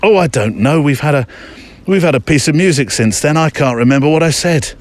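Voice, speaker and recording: A man's voice: a little high, animated, fairly quick. Chatty man walking his dog. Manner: chatty, self-mocking, talks to his dog between thoughts. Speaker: podcast host. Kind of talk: casual rambling monologue on a walk. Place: outdoors on a muddy countryside walk.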